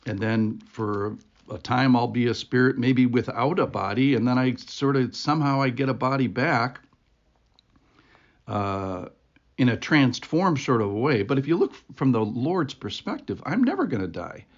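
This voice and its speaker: A man with a gravelly, creaky voice at a middle pitch talks through a devotional reflection. His delivery is earnest, conversational and reflective, as if chatting with listeners. The recording sounds dull and lo-fi. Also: expressive, moderate pace. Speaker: devotional podcast host. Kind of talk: informal devotional talk.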